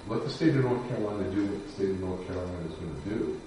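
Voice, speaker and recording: A man, a defense lawyer, telling a personal story in a measured, somber way with pauses and fillers. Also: low-pitched, mellow, distant mic, slight background noise. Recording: echoey room picked up from afar.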